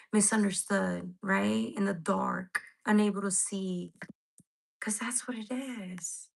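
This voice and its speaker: A woman's voice: mid-range voice, vocal fry, low-quality recording. A woman reading tarot cards live for her viewers, rambling and emotional, near tears, swearing casually as she talks to them directly. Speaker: tarot reader.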